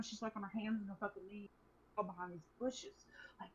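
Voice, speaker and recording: A young woman casually telling an animated story to a friend, swearing freely. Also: mid-range voice, a little fast, slightly rough. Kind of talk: casual chat. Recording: dull lo-fi recording.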